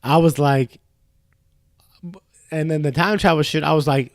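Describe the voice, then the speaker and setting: Profane, animated man co-hosting a podcast. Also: on the high side, measured pace, pauses often, dry recording, clean studio sound. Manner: loose, profane storytelling with put-on voices. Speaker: podcast co-host. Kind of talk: casual chat. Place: home studio.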